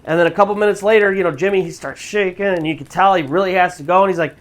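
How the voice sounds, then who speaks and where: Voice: mid-range voice, fast. Casual storyteller narrating a scary tale. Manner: casual, conversational retelling with fillers. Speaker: storytelling channel host.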